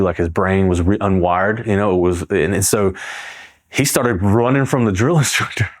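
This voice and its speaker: Male veteran, 40s, from South Carolina; low-ish, casual, rambling interview guest, lots of "like.". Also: brisk. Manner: rambling, heavy on fillers like "like" and "bro". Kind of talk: casual storytelling.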